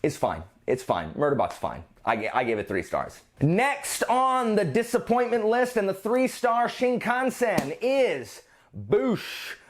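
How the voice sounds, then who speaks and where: A man talks through his monthly reading in a loose, chatty book vlog. His pitch swings widely and animatedly as he goes. He rambles, doubles back and restarts sentences mid-thought. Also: big pitch swings, unhurried. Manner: rambling, self-interrupting, frequent restarts. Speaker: book reviewer. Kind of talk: casual book review vlog.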